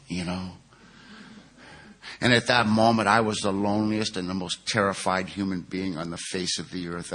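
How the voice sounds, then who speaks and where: Bright-voiced man telling his story. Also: low voice. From California. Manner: storytelling, conversational, acts out quotes. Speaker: speaker sharing his recovery story. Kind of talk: recovery meeting talk. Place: conference hall.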